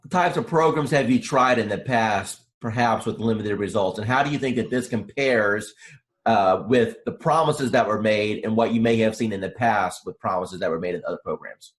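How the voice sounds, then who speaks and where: A man's voice: fairly low pitch, normal speed. Man asking leading questions. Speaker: interviewer and coach. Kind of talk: sales testimonial interview.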